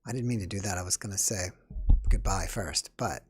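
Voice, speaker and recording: A man's voice: deep voice, brisk, slight background noise. A man hosting a live stream and taking callers, chatting casually, correcting himself and thanking viewers as he goes. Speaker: livestream host taking callers.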